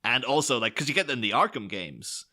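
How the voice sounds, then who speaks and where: Bloke rambling on a podcast, bright sharp tone, keeps restarting sentences. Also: male voice, medium pitch, big pitch swings, brisk. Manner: rambling, enthusiastic, many restarts. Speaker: podcast co-host. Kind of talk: casual film podcast chat.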